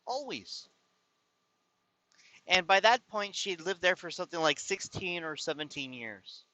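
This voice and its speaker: A man's voice: sits high, normal speed, bright, forceful tone, no room sound, low-quality recording. A man telling a personal story to his viewers in a casual, rambling way, often exasperated and restarting his sentences. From California. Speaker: vlogger.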